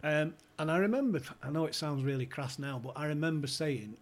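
A man's voice: fairly high pitch, a little fast. A man guesting on a podcast, telling club stories in a chatty way, swearing freely and acting out the people he quotes. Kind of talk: anecdotal storytelling.

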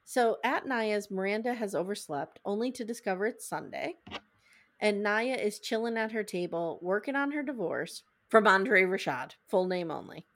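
A woman's voice: mid-range voice, moderate pace. A woman hosting a podcast, chatting casually as she recaps a TV episode and acts out the scenes. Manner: animated, acts out scenes in funny voices. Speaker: podcast host.

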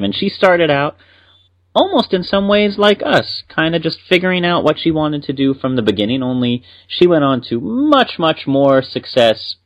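A man's voice: medium pitch, highs cut off. A man co-hosting a casual podcast, upbeat and explaining at length. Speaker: podcast co-host.

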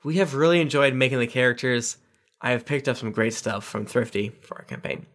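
A man's voice: medium pitch, steady tone, fairly quick, a bit bright. A man hosting a podcast, reading listener reviews aloud with playful emphasis. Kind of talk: casual podcast chat.

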